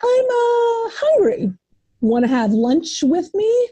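A woman's voice: extremely high pitch, sing-song, slow, mellow, no echo, voice pushed up, exaggerated voice. A woman voicing a hungry, cheeky male bluebird in a storybook read-aloud.

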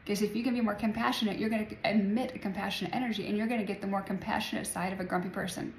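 Her steady, mid-range voice races as this forties spiritual vlogger rambles about energy and healing, often laughing. The audio has a little hiss or hum, with room echo and faint ambience.

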